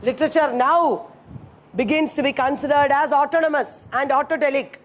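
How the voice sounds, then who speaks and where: A woman teaches a class in a high, light voice. She repeats her key phrases slowly and stops to check that students follow. A faint hiss sits under the recording. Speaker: lecturer. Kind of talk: classroom lecture.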